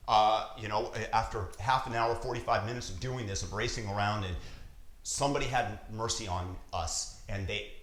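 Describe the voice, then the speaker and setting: A man's voice: on the low side, normal speed, a bit bright. A father vlogging to camera with earnest, emphatic motivational talk, repeating his points. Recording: roomy echo.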